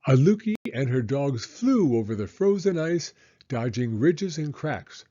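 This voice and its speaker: A male reader tells a children's story slowly, his voice rising and falling with lots of life. The pitch sits mid-range. The recording is slightly dull and muffled. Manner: expressive, unhurried storytelling. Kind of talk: children's read-aloud.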